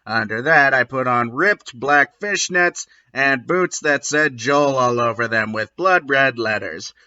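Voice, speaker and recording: A man's voice: medium pitch, bright, forceful tone, highs cut off. A man reading as a moping goth teen girl. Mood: mock-tragic. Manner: slow, emphatic mock-dramatic reading. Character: melodramatic goth teenage girl narrator.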